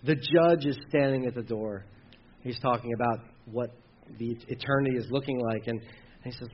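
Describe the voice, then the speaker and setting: A man preaching a sermon in a conversational, animated way, acting out the voices of people he quotes. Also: medium pitch, moderate pace, lo-fi sound, slight background noise. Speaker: pastor.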